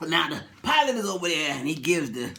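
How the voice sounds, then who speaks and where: A man retelling a story in an animated, colloquial way, often breaking into laughter. His voice is high and bright, with a very lively, swooping pitch. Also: a little fast.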